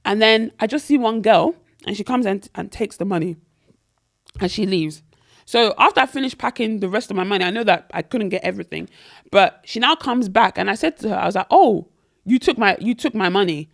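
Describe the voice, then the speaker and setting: A woman's voice: mid-range voice, fairly quick, vocal fry. A woman, co-hosting a podcast and telling a long story in casual chat, acting out what people said. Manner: animated, acts out quotes in other voices. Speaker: podcast co-host.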